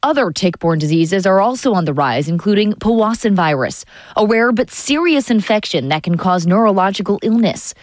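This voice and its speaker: A woman's voice: mid-range voice, expressive, moderate pace, no echo. Woman news anchor, dry studio read. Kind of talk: scripted news reading.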